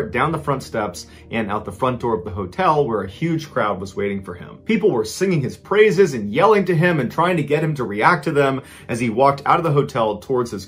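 A man's voice: medium pitch, breathy edge. A man narrating a true story in a casual, conversational way, repeating key points for emphasis.

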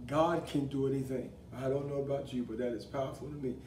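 A man preaching a broadcast sermon as an apostle, leading call-and-response and building to fervent, shouted declarations. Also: medium pitch, steady tone, fast. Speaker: apostle and pastor. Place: studio desk setting. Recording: roomy echo, distant mic, faint hiss.

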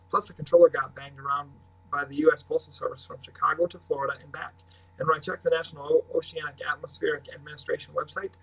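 A man's voice: fairly high pitch, creaky, breathy edge. Teen boy, devious but practical, matter-of-fact, read by a man, audiobook, mic at a distance. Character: teenage boy, scheming and practical.

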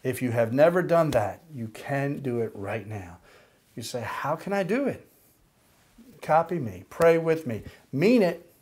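Slow, deliberate older preacher man. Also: medium pitch, expressive, mellow. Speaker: pastor. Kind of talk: sermon with prayer.

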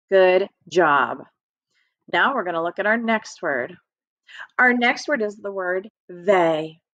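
A woman with a medium-pitched, slightly bright voice patiently and encouragingly teaches young children an early-reading lesson, addressing her students directly. The recording is dry and slightly dull, with a lo-fi quality.

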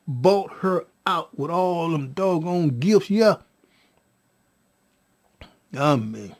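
A man telling his own story to viewers in an emotional, animated way, addressing them as y'all with casual slang. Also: fairly high pitch. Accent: Californian.

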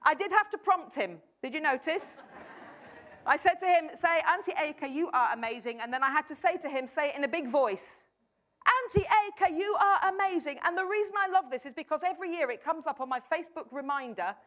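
A woman's voice: high-pitched, lively intonation, fast, a bit bright, muffled recording. A woman preaching a sermon, emphatic, often repeating her key phrases and acting out a doubter's replies.

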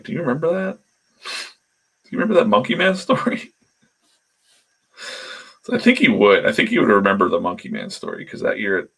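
A man's voice: low voice, gravelly, pushed and bright, husky. A man telling rambling anecdotes in casual chat while he draws comics on a live stream, acting out the voices of the people in his stories. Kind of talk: casual storytelling while drawing.

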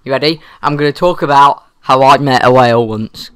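A man's voice: mid-range voice, brisk, a bit bright, smooth, no echo. A man joking on a comedy podcast, goofy and eager to show off silly impressions. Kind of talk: playful comedy banter.

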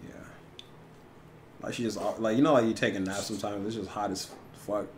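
A man's voice: on the low side, fairly even intonation, a little fast. A man co-hosting a casual movie commentary, joking, swearing freely and acting out lines from the film. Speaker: commentary co-host. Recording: echoey room with noise.

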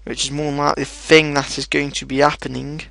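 Gravelly, swearing game commentator. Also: male voice, a little high, quick pace, no room sound. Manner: excitable, swears a lot, shouts at his in-game dogs. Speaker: gaming video host. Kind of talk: casual let's play commentary.

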